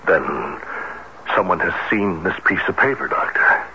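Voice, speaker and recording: An actor playing a shrewd police captain questioning a witness in a murder case, in a 1970s radio drama. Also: male voice, low-pitched, expressive, measured pace, pushed and bright, full character voice. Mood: probing. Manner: probing, skeptical questioning. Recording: dull lo-fi vintage radio with faint hiss.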